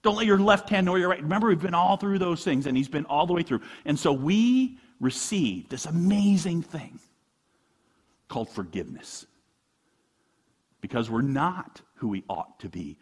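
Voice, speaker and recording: The sermon comes from a middle-aged pastor in a church, delivered in an animated, conversational style full of rhetorical questions. He talks at normal speed in a fairly high, slightly rough voice.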